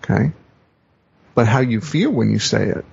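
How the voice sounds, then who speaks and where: Gravelly, husky man explaining slowly. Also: lowish voice, lively intonation, darkish tone. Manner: reflective, repeats and rephrases, acts out quoted phrases. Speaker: guest, coach and teacher. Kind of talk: conversational podcast explanation. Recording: dull lo-fi podcast audio.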